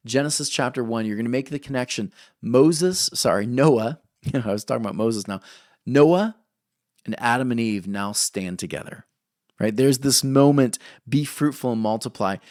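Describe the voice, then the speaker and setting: A male pastor delivers a sermon in a lively, conversational way. He keeps checking in with the listeners by asking "right?" after his points. His voice sits at a medium pitch and sounds close and dry. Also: moderate pace, dry recording. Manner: animated preaching, frequent "right?" asides.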